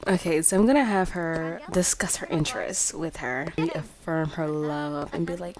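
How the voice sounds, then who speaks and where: A woman's voice: low-pitched, moderate pace, hardly any pauses, a little mellow. A young adult woman hosting a let's play, narrating in a chatty, playful style packed with fillers. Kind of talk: casual game commentary.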